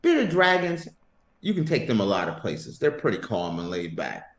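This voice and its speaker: A man's voice: fairly low pitch, normal speed, reverberant. A man hosting a sports podcast, ranting and joking emphatically in casual banter. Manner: animated, joking, emphatic rants.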